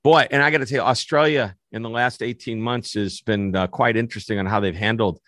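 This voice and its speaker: A man's voice: on the low side, steady tone, fairly quick, a bit bright, dry recording, clean studio sound. A man hosting a business radio show, chatty and enthusiastic as he introduces his guest. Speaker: podcast host.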